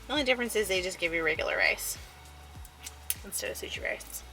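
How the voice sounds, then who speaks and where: A young woman chats casually as she vlogs, rambling and full of fillers. Her voice is bright and forward, caught on a camera mic. She sounds relaxed and conversational, as if talking to a friend. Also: medium pitch, fast talker, faint music behind, rough recording. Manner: chatty, rambling, lots of fillers. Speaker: photographer vlogger. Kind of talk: casual vlog narration. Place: in her car and at a restaurant.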